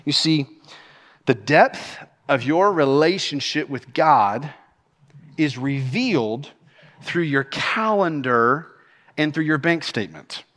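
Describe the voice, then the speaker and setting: Animated preacher. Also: male voice, a little high, slow, in a large hall. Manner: animated storytelling preacher, laughs while telling stories. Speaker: senior pastor. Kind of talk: sermon.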